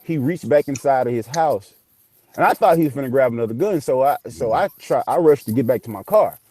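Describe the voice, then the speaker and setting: A man tells a ghost story casually, animated and profane, acting out the voices. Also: mid-range voice, brisk, a little hiss or hum. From Memphis area, US South. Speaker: guest telling a ghost story.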